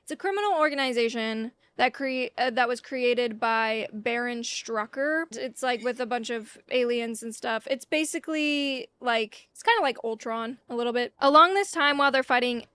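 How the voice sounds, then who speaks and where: A woman's voice: fairly high pitch, normal speed, few pauses, sharp tone, smooth, no echo. A young woman casually and jokingly retelling a comic book history, acting out scenes with silly voices. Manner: jokey, playful, acts out scenes with silly voices. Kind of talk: casual comedic storytelling. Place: hot room, with an ice pack.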